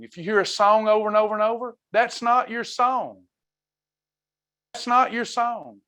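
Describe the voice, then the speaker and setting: High-voiced guy preaching hard at an online wellness class, fervent and repetitive. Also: a bit bright. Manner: fervent preaching, reading out member comments. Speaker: wellness ministry leader.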